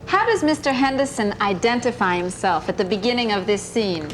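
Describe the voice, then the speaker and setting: A woman's voice: mid-range voice, animated, a little fast, slight background noise. A woman teacher leading a classroom discussion, asking her students questions and encouraging their answers. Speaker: English teacher.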